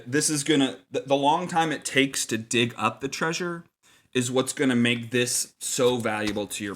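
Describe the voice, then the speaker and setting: Man, game-master tips, casual rambling, mock-serious, filler-heavy, mid pitch. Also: fairly bright tone.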